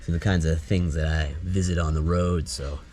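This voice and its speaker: A man with a low, slightly mellow voice talks at normal speed in a steady tone as he vlogs his way through an indoor flea market. Music plays in the store behind him while he chats easily and muses on what he sees.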